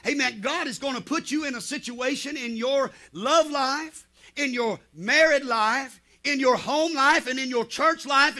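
A man with a Southern US accent preaches a sermon as a pastor, telling stories and punctuating them with frequent amens. His voice is very high, pushed and bright.

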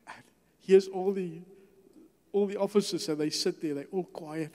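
An older man tells his testimony in a church hall and acts out every exchange as he goes. His voice sits a touch high for a man but sounds mellow and unforced. A long reverb trails behind each phrase. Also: steady tone, normal speed. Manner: storytelling, acts out dialogue. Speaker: guest speaker. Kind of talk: testimony sermon.

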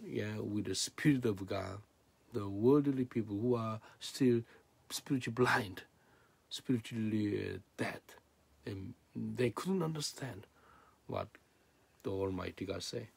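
Gravelly and husky, this man's voice delivers a sermon in broken English that isn't his native tongue. His delivery shifts between loud emphatic bursts and quiet, hushed asides.

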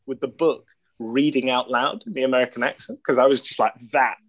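A man's voice: medium pitch, a little fast. A man in his thirties with an English accent, a guest talking in a casual, self-deprecating way and laughing often. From England. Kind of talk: casual chat.

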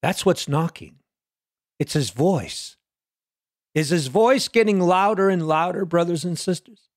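A man preaching a sermon, swinging between loud peaks and quiet low lines and asking the listeners question after question. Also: a little slow, no echo, clean studio sound.

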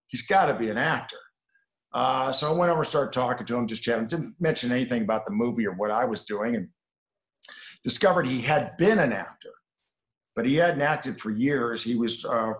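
A middle-aged man, a film director, telling anecdotes in an interview and dropping to a low murmur on asides. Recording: roomy echo.

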